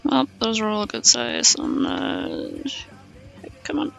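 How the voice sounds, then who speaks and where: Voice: mid-range voice, huge pitch swings, slow, vocal fry, a bit bright, faint music behind. A streamer chatting casually with viewers while crafting, swearing freely and often dropping into murmurs and whispers.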